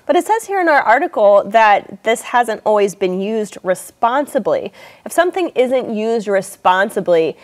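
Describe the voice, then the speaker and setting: A woman hosting an English lesson, reading passages aloud and explaining them in a clear, measured way. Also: on the high side, big pitch swings.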